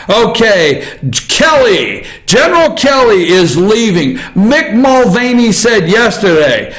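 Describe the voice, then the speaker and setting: A man with a high-pitched, somewhat bright voice runs an opinionated political commentary show out of an office. He rants bluntly and forcefully, swearing freely, and the audio quality is poor and reverberant.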